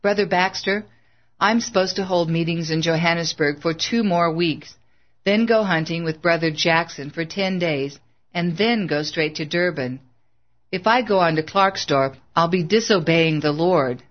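A narrator voicing a stubborn middle-aged male preacher who speaks earnestly and firmly, slowing down on solemn lines. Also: fairly high pitch, dull audio, close to an everyday voice. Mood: pleading. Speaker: evangelist.

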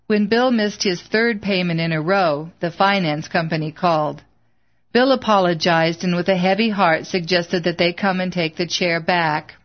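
A woman narrating an audiobook in a measured, earnest way, in a slightly dull lo-fi recording. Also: fairly low pitch.

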